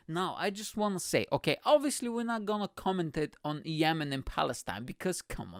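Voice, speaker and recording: A man's voice: on the high side, big pitch swings, fairly quick, few pauses, no room sound, clean studio sound. Rambling, profane male comedy podcaster. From immigrant. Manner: rambling, profane, constantly says bro and you know what I'm saying. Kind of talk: casual comedic podcast monologue.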